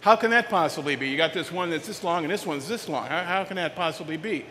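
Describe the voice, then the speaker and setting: Man doing a businesswoman CEO, amazed, eager questions, bright tone, faint background hum. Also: a little high, expressive, quick pace. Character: adult woman CEO, amazed shopper. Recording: reverberant hall, faint ambience.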